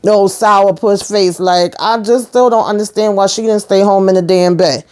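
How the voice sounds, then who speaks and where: A woman's voice: medium pitch, fairly even intonation, normal speed, a little mellow, clear, resonant tone. A woman casually recapping a TV episode, retelling scenes with quoted dialogue. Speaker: TV recap host.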